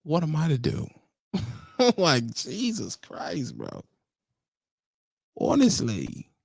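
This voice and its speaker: Trucker lecturing a trainee: gravelly man, swooping animated delivery, exasperated, preachy. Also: on the high side, extremely slow, no room sound, studio quality. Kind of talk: casual vlog rant.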